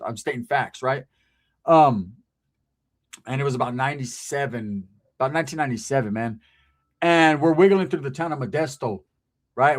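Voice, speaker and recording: A middle-aged man telling a street story in casual, profane slang, keeps checking in with "right?". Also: mid-range voice.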